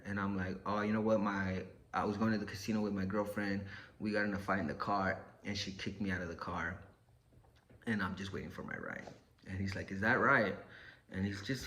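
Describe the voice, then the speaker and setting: A man's voice: medium pitch, bright, forceful tone, slight background noise. A man telling a personal story casually, cursing often and acting out what people said. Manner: profane, laid-back, acts out quotes.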